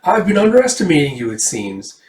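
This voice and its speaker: A man's voice: fairly high pitch, huge pitch swings, brisk, darkish tone, voice pushed up. A man doing a grandiose scheming baron. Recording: roomy, distant mic.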